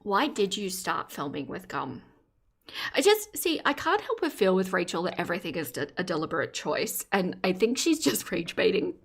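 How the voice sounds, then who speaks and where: A woman with a low, gravelly, slightly rough voice, big pitch swings and a moderate pace hosts a live reaction stream. She comments on a video in a casual, giggly way, laughing often, reading out her chat and teasing playfully.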